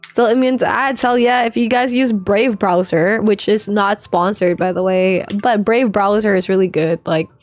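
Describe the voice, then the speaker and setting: With faint music in the background, a young Filipino woman gabs through her gaming stream at a moderate pace, barely pausing. Her voice is mid-range, and her relaxed chatter is full of profanity and the filler "like."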